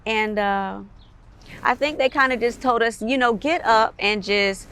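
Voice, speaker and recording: A woman of Caribbean background, a guest in an interview, telling stories in a casual, animated way with frequent laughter. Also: on the high side, a little slow, clean tone. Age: adult with a son. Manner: animated, laughs often, quotes others. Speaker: interview guest, artist and model.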